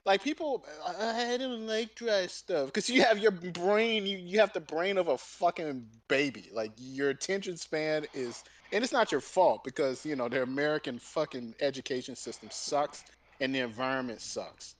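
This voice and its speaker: A man streaming and chatting casually, telling rambling, profane stories in an animated way. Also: on the high side, moderate pace. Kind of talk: casual chat while streaming.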